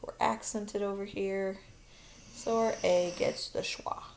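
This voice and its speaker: Gravelly-voiced woman teaching phonics. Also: mid-range voice, steady tone, slow, darkish tone, slight background noise. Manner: patient, step-by-step explaining. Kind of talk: online phonics lesson. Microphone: recording her own video lesson.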